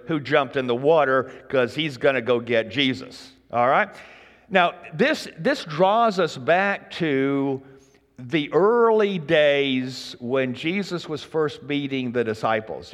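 A man preaching a sermon in a relaxed, folksy way, joking with the congregation. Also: mid-range voice, in a large hall. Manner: folksy, conversational, jokes with the congregation. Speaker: pastor.

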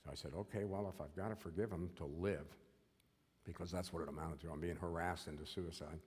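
A man's voice: low voice, steady tone, a little fast, a little mellow, breathy edge, in a large hall. An older man giving an earnest personal testimony, often repeating himself and checking in with "okay?". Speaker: former prisoner giving testimony.

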